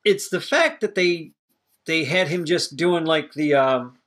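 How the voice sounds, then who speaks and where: A man's voice: on the high side, measured pace, fairly bright tone. A man co-hosting a podcast, chatting casually and opinionated about a movie, rambling and swearing freely. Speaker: podcast co-host. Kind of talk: casual movie review chat.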